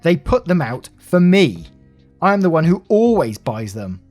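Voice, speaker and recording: A man doing a shrill, whiny entitled shopper woman. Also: sing-song, moderate pace, a little mellow, faint music behind. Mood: demanding.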